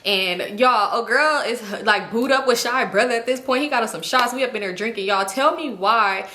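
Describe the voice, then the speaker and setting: A young woman telling a storytime vlog in casual, slangy style, animated and expressive. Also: on the high side, moderate pace. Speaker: storytime vlogger. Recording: echoey room.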